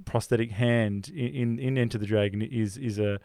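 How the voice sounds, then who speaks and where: A man co-hosting a film podcast, talking in a loose, rambling way that is full of restarts. His voice sits at an ordinary middle pitch and is heard up close on a dry mic with no room sound. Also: normal speed, no echo. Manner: rambling, many restarts, animated when retelling scenes. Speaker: podcast co-host. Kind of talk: casual film discussion.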